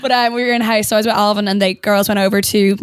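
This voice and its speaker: A woman's voice: medium pitch, steady tone, very fast, smooth, no room sound. A young Irish woman co-hosting a podcast, telling rambling stories with lots of giggles and sidetracks. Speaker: podcast co-host. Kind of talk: casual chat.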